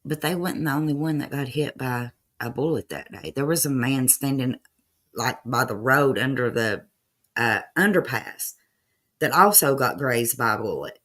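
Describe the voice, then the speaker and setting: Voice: medium pitch, lively intonation, moderate pace, a bit bright. Livestream host, casual commentary, chatty, fillers, asides to chat, home setup. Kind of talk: casual commentary over archive clips.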